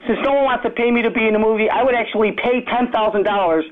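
A male caller with a Chicago accent, rambling fast and jokey from topic to topic. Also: high-pitched. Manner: rapid-fire, rambling, jokey. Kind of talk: call-in chat. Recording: tinny phone line.

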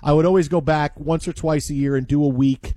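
Animated man hosting sports radio. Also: fairly high pitch, fairly quick, no room sound. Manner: animated storyteller, laughs easily. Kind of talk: casual sports radio chat.

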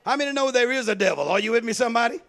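A male pastor preaching a sermon with call-and-response, building into shouted, half-sung cadences. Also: very high-pitched, rapid-fire, creaky.

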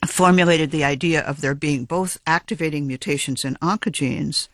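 A geneticist in an interview, a man explaining his research with measured, precise academic phrasing and the odd small restart. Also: on the high side, a bit bright, no room sound.

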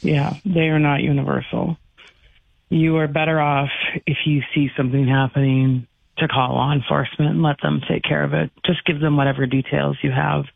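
A man on a call-in radio show gives earnest advice in a somewhat high, gravelly voice. The sound is dry and squeezed through a phone line. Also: flat delivery, normal speed, no room sound. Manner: earnest, advising. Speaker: caller.

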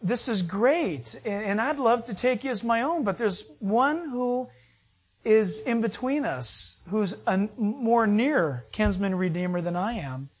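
A preacher retelling a story and voicing Boaz, a wealthy man who answers in a casual, measured, gentle way. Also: medium pitch, lively intonation, slightly rough. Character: wealthy older man Boaz, kind and careful.

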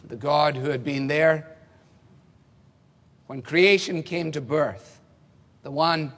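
A man preaching an expository sermon, measured and emphatic, posing rhetorical questions. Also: fairly high pitch. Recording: reverberant hall.

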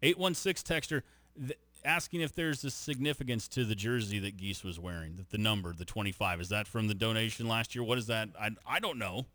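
A man's voice: lowish voice, a bit bright, dry recording. A man hosting a sports radio show, chatting casually and joking with his co-host. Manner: joking, quick back-and-forth. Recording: radio studio with music bed.

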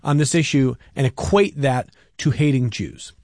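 A man hosting a radio call-in show, reading listener emails and putting questions to his guest in a relaxed way. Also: medium pitch, normal speed, no room sound, clean studio sound. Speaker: radio talk show host.

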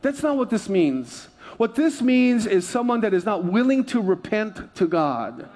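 A man's voice: sits high, measured pace. A male pastor preaching a sermon, telling self-deprecating personal stories with lots of laughter. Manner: animated storyteller, self-deprecating, laughing often.

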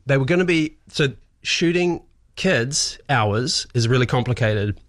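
A man, a guest in a radio studio, telling stories in an animated way, acting out what people said. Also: medium pitch, unhurried. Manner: animated storyteller, acts out quotes, laughs often. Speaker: actor and writer guest. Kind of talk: casual chat.

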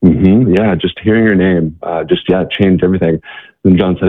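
A man telling earnest stories as an interview guest, halting with many restarts and fillers, over a phone-like line. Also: low-pitched, no room sound. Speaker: guest, missionary organization worker. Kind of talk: interview storytelling. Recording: tinny phone-like line, dry.

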